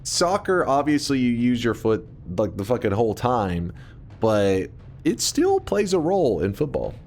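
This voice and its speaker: Animated man ranting to chat. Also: mid-range voice, moderate pace, a little hiss or hum. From United States. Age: 30s. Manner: ranting, profane and jokey with chat. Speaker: livestreamer. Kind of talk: casual livestream chat.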